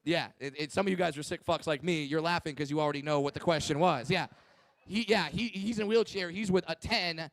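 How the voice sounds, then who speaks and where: A man's voice: on the high side, a little fast, dry recording. A man doing a stand-up comedy set, brash and crude, swearing freely as he tells stories. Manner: crude, brash, profane storytelling.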